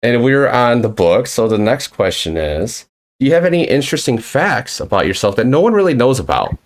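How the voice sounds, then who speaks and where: A man hosts a loose, live-streamed interview from his desk mic. His voice sits at an ordinary middle pitch. He rambles and swears freely as he retells stories. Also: big pitch swings, brisk. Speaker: podcast host.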